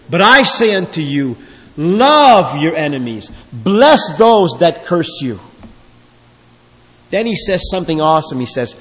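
A man's voice: fairly high pitch, fairly bright tone. A man preaching a sermon as pastor, emphatic, with his voice swelling and dropping. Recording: long reverb of a large hall.

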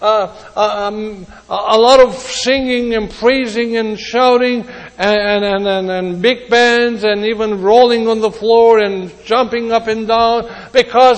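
A man preaching a sermon, earnest, with pauses and restarts, his voice rising and dropping. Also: high-pitched, fairly even intonation, big-room sound, low-quality recording.

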